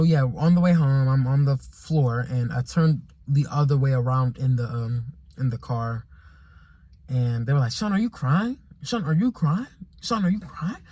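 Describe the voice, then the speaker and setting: A man's voice: mid-range voice, darkish tone. A young man vlogging a casual storytime monologue, rambling and repeating himself with exasperation and slang.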